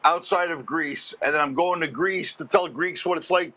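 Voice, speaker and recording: A man from Montreal, a comedian guest, telling animated stories and laughing often as he goes. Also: a little high, normal speed, rough recording. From Montreal, Canada. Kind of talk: storytelling interview chat.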